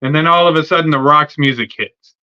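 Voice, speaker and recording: Sharp-voiced man ranting on a dull stream. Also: fairly high pitch, fairly quick, smooth. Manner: profane, rambling, filler-heavy. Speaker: wrestling podcast host. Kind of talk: casual fantasy-booking rant. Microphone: streaming setup mic.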